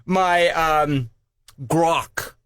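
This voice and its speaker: Older man, high voice, dry studio. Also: very slow, a bit bright, smooth, no echo. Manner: chatty, laughing, enthusiastic. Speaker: radio show host. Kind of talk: casual studio chat. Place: radio studio.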